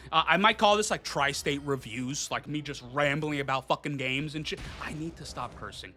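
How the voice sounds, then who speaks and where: A man's voice: a little high, normal speed, hardly any pauses, bright, forceful tone. A man reviewing games, ranting in a profane, exasperated way. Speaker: game reviewer. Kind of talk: ranting game commentary.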